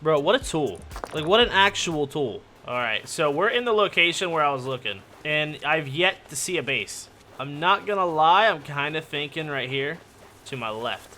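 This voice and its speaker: A man's voice: fairly high pitch, expressive, normal speed, bright, forceful tone, a little hiss or hum. A man giving casual, joking gaming commentary, rambling and yelping when startled. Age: adult. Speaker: gaming YouTuber.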